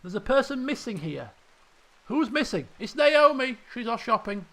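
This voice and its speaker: A man streaming a game, telling stories in casual, animated, exclamatory chat with some swearing. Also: extremely high pitch, normal speed.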